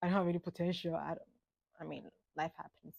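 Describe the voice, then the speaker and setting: A woman, musing aloud in an unhurried reflective monologue. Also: lowish voice, level tone, creaky, darkish tone, no room sound. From Ghana. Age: late 20s. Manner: musing, unhurried, drifts between thoughts. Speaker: vlogger.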